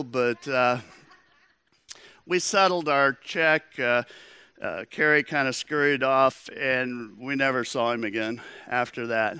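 A man's voice: mid-range voice, takes it slowly, bright, forceful tone, clean tone, no echo. A man preaching a sermon as pastor, in a conversational storytelling manner.

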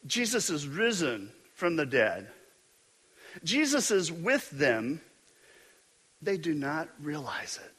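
Animated storytelling male pastor. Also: fairly high pitch, slow, pauses often, breathy edge. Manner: storytelling, animated, self-mocking humor. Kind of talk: sermon.

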